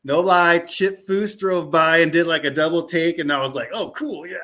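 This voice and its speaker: A man guesting on a podcast, telling stories in an animated, rambling way. His voice sits a bit higher than most men's. He loses his thread often and fills the gaps with "like" and restarts. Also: moderate pace. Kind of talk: casual storytelling chat.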